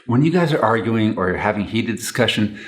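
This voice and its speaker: A man's voice: lowish voice, lively intonation, a little fast. A man giving relationship advice to camera in an earnest, instructional way, repeating his key points.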